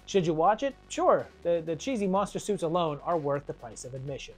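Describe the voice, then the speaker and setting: Lively, wry horror film reviewer. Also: mid-range voice, a little fast, over music. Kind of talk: scripted video review narration.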